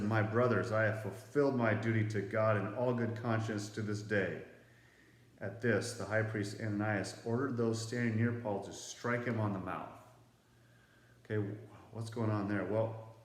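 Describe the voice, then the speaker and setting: Man teaching a casual class in a roomy-sounding space. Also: mid-range voice. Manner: conversational, explains and asks questions to the class. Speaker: Bible teacher. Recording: roomy echo.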